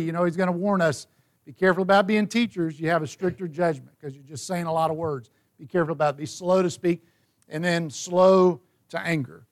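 A man leading a Bible study, reading verses and explaining them in a conversational way. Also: fairly high pitch. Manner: conversational, reads scripture aloud.

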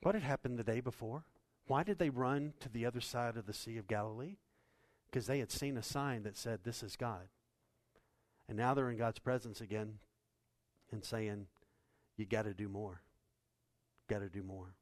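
A male pastor preaching a sermon to his church, swinging from hushed, low passages to loud, raised bursts. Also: normal speed, no room sound.

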